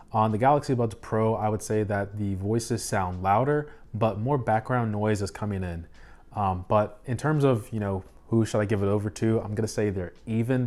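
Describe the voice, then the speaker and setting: Low-voiced man casually reviewing gadgets. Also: a little mellow. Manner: chatty and loose, with fillers like um and like. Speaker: tech reviewer. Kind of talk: casual product review to camera.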